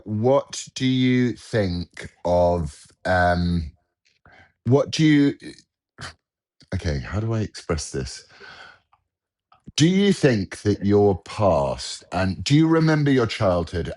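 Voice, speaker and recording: A man's voice: deep voice, darkish tone. An English man with a British accent, co-hosting a podcast over a video call in a joking, self-deprecating, bantering way. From England. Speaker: podcast co-host. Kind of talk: casual chat on a video call.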